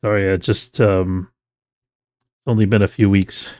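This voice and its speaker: A shaken young man answers haltingly and apologetically, as a man game master voices him. His voice is a bit low. He is a character in a tabletop game. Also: level tone, darkish tone, dry recording, clean studio sound, natural voice. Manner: hesitant, apologetic.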